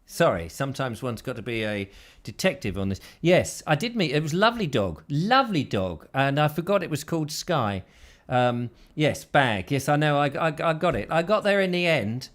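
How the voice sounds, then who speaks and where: A man's voice: medium pitch, very animated, normal speed. A man hosting a casual live show from his house, rambling through viewer comments with self-deprecating jokes. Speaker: host.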